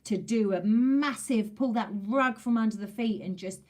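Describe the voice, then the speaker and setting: A woman's voice: fairly high pitch, normal speed, darkish tone. A woman gives a casual, chatty tarot reading straight to camera. She talks emphatically, driving her points home by repeating phrases, and she drops in the odd mild swear word. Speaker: tarot reader.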